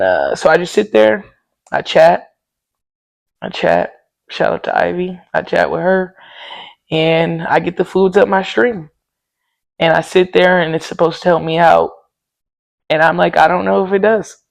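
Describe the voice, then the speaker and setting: Tired woman host with a gravelly, creaky voice, talking openly and casually to her listeners. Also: sits low, rough recording. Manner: candid, talks straight to listeners, often says y'all. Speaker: podcast host. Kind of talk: casual personal chat.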